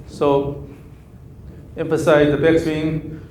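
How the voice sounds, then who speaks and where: Golf coach, male, Korean native, slow rhythmic counting cues, mellow tone, roomy echo. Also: medium pitch, dull audio, slight background noise. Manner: repetitive counting cues, clipped instructions. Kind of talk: live coaching session. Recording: echoey room with faint ambience.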